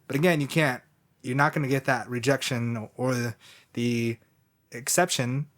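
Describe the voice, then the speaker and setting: A man's voice: mid-range voice, steady tone, normal speed, a bit bright. Man, podcast host, casual chat, rambling, jokey, self-correcting.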